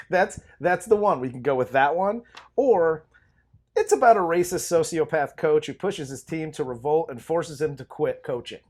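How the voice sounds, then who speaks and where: A man's voice: fairly high pitch, lively intonation, measured pace, a little mellow. A man co-hosting a casual movie review chat, enthusiastic, laughing often and swearing freely. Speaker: podcast co-host.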